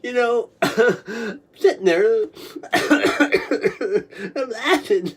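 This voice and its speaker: A woman with a husky, breathy voice relives a memory out loud in a slow, halting way. She repeats herself, breaks off to cough, and swings between laughing and crying. Her pitch rises and falls widely from phrase to phrase. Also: expressive. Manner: halting and repetitive, broken by coughs.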